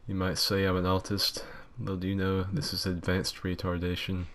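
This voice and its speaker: A man's voice: deep voice, monotone, normal speed, fairly bright tone. A man hosting a podcast in casual, crude, joking chat, swearing freely. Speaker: podcast host.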